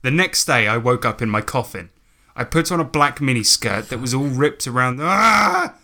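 A man's voice: medium pitch, fairly quick, sharp tone. A male podcast co-host giving a comic reading aloud, with mock emphasis and wry asides. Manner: reads with mock emphasis, breaks off into laughter and asides.

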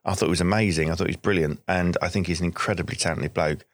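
A man's voice: low voice, fairly even intonation, very fast. A man, a guest on a podcast, chatting casually and with enthusiasm, often restarting and repeating words. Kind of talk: casual chat.

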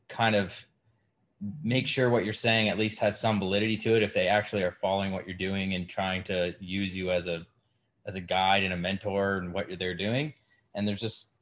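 A man hosting a podcast, asking probing questions and thinking out loud in casual chat. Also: lowish voice. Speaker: podcast host.

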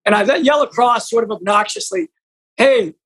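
A man hosting a casual chat, telling an animated anecdote. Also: sits high, a little fast, poor audio.

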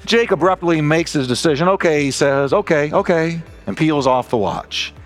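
This pastor's voice sits fairly high and sounds animated, moving at a normal speed with faint music in the background. Preaching emphatically, he narrates stories and performs each character's lines, voicing the people in a joke.

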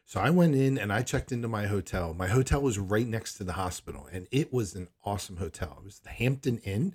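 Man, personal storytelling, rambling, candid, lowish voice. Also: lively intonation, brisk, a little mellow, slightly rough. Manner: rambling, candid, self-questioning. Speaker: son recounting a hospital visit.

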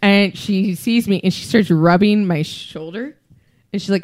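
Animated woman telling a story. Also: mid-range voice, a little slow. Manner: animated storytelling, laughs often. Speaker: podcast guest, skydiving instructor. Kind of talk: casual chat.

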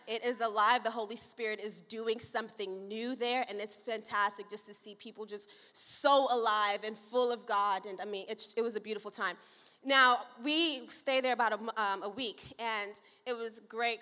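Lively high-voiced woman pastor in a reverberant hall. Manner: playful, chatty, laughs often, acts out quoted dialogue. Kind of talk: sermon opening with church announcements and storytelling. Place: large church auditorium with long reverb.

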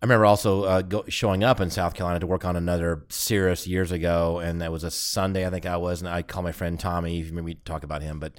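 A middle-aged man with a lowish voice chats on a podcast. He rambles through his stories, doubling back and restarting as he goes. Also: little pitch movement, fast talker, few pauses, clear, resonant tone. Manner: rambling storyteller, many restarts and asides. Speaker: podcast co-host. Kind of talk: casual chat.

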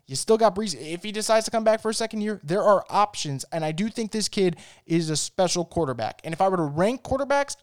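A man's voice: high-pitched, clean tone. A man hosting a sports talk show, giving emphatic analysis and asking his listeners rhetorical questions. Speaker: sports podcast host.

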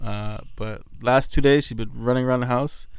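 Young male co-host, easygoing teaser, mid pitch, dry mic. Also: fairly even intonation, moderate pace, smooth, no room sound. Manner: laid-back, teasing. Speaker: podcast co-host. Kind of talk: casual chat.

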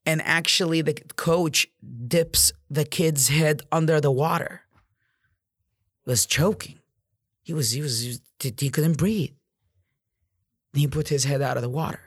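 A man's voice: fairly high pitch, fairly even intonation, a little slow, long pauses, a bit bright, slightly rough, dry recording, clean studio sound. A man in real estate giving an intense, profane motivational monologue, repeating himself for emphasis.

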